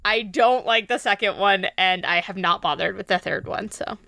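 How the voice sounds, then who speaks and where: A young woman co-hosting a podcast, giggly, with quick reactions and lots of filler words. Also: medium pitch, vocal fry, bright, forceful tone. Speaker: podcast co-host. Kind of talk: casual chat.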